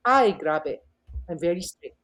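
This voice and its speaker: Woman, middle-aged, Filipino accent, math professor, interview guest, animated storytelling, very expressive pitch. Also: measured pace. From Philippines. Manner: switches between English and Tagalog, acts out dialogue; lively, swooping pitch.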